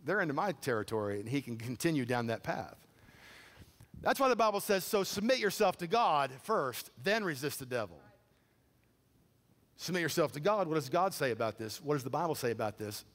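A man preaching a sermon, telling a story with animated, incredulous quoted dialogue. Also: on the high side, moderate pace. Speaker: pastor. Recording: long hall reverb.

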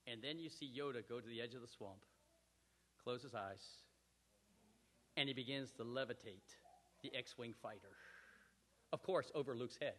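A male pastor preaching a sermon with animated storytelling, acting out scenes, in a church hall. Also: medium pitch, moderate pace, pauses often. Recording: echoey hall reverb.

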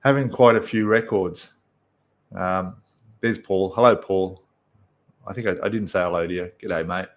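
Aussie bloke, lowish voice, chatting on a live stream from his room, lots of ums and g'day mates. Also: normal speed, long pauses, highs cut off. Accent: Australian. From Australia. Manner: chatty, greets viewers by name, many fillers. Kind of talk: casual live-stream chat. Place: apartment room indoors.

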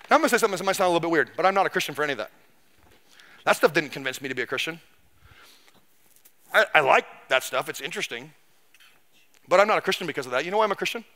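A middle-aged pastor with a high voice preaches a sermon, telling history as a lively story and acting out the people he quotes.

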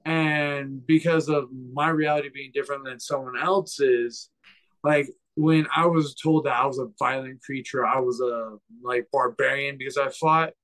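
A man who is a fighter, a guest on a casual podcast, who talks slowly and searches for his words. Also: mid-range voice, fairly even intonation, fairly bright tone, low-quality recording.

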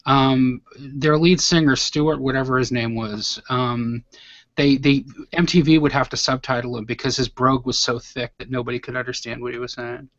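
A man's voice: medium pitch, steady tone, normal speed, a bit bright, no echo. A man co-hosting a live podcast, making wry, dry one-liners. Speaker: podcast co-host. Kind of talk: casual live podcast chat. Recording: dry, lo-fi online call audio.

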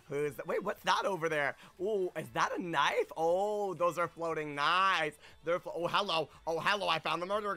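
A man's voice: sits high, bright, forceful tone, clean tone. A young man live-streaming a game, bubbly and effusive, greeting viewers in a sing-song way.

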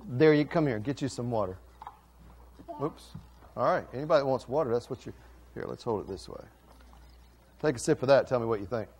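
A man's voice: mid-range voice, brisk, pauses often, darkish tone, husky. A middle-aged man, a pastor, giving a playful children's sermon and questioning the kids.

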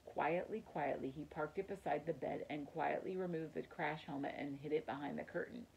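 This woman reads a children's chapter book aloud as a teacher might, expressive and speaking to children. Her low voice is fairly quick with vocal fry, and the poor audio carries a little hiss or hum.

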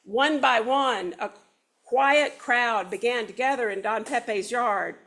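Brief: high-voiced woman reading a picture book aloud to a congregation, unhurried. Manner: animated, sing-song storytelling with a few slips. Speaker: storyteller reading a children's book in worship. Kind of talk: expressive children's story read-aloud.

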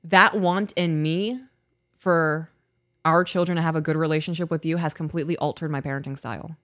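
A woman's voice: sits low, steady tone, brisk, fairly bright tone, no room sound, studio quality. A woman co-hosting a relationship podcast, reading listener emails and talking candidly about parenting. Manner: candid, self-reflective, agreeable with many backchannels. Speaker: podcast co-host.

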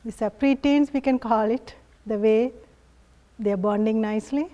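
A woman yoga instructor guiding a family class in a gentle, encouraging way, often laughing softly. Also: fairly high pitch, normal speed.

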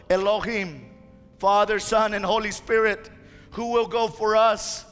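Man preaching fired up, high forceful voice, big echoey church hall, faint music behind. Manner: impassioned preaching, rising to shouts. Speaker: pastor. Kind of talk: fiery sermon. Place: church sanctuary.

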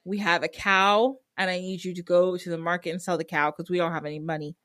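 A woman's voice: on the low side, little pitch movement, quick pace, fairly bright tone, dry recording, clean studio sound, pitched below the performer's own voice, natural voice. Woman doing a blunt exasperated farm mother. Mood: urgent. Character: poor farm mother, worried and fierce.

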